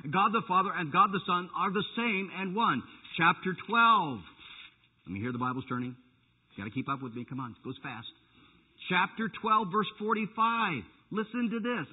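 Pastor, male, slightly high husky voice, lively sermon, tinny phone-like recording. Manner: animated preaching with playful jabs at the congregation. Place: church sanctuary.

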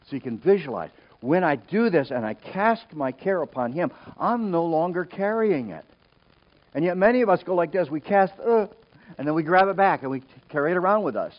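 A middle-aged man preaches a sermon in an ordinary mid-range voice. He is earnest and directs his congregation, moving from loud emphasis to quiet storytelling. The recording is dull and lo-fi. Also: medium pitch. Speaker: pastor.

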